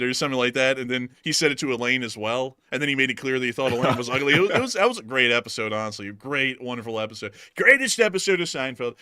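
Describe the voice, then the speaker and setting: A man's voice: mid-range voice, expressive, quick pace, few pauses, pushed and bright, clean tone, no echo, clean studio sound. A man hosting a casual comedy chat, rambling and joking. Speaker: host.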